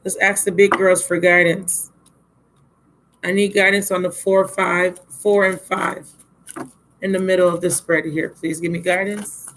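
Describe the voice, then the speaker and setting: A woman's voice: fairly low pitch, level tone, a little slow, a bit bright, low-quality recording. A tired woman giving a casual, blunt tarot reading on a live stream, calling the viewer baby and my love. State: drained and yawning. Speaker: tarot reader.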